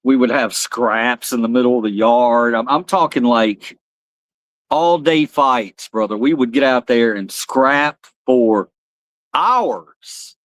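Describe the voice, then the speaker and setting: A man's voice: mid-range voice, slow pace, no echo. A middle-aged man, chatting casually on a live stream and rambling through old stories while laughing at himself. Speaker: livestream host.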